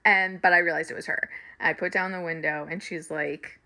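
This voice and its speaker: A middle-aged woman, a spiritual reader and coach, casually telling her viewers a story, animated and laughing often. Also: on the low side, normal speed.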